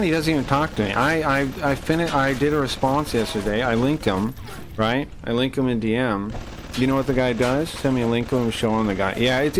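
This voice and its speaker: A man's voice: mid-range voice, noisy background. A man streaming live, ranting heatedly and swearing as he rambles and restarts his sentences while playing a game.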